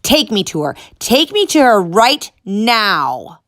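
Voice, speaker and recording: A woman's voice: low voice, animated, moderate pace, gravelly, heavily acted. Woman doing a bullying, barking security guard. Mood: furious. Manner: barking, bullying, shouting orders. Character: gruff menacing male zoo security guard.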